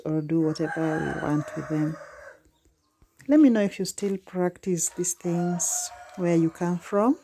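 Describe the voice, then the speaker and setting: Gravelly woman vlogging. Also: lowish voice, mellow. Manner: chatty, speaks straight to viewers. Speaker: village life vlogger. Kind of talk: casual narration to viewers.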